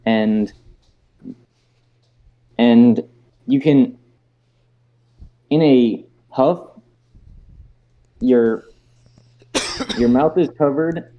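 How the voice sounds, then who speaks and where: Halting male game master, lo-fi sound. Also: mid-range voice, a little hiss or hum. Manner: halting, restarts phrases often. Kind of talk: narrating a tabletop game. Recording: dull lo-fi sound.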